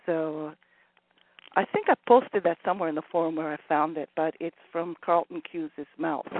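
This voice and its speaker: A woman's voice: low-pitched, moderate pace. A woman calling in to a show, chatty, laughing and interrupting herself. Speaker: caller. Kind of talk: casual call-in chat. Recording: tinny phone line.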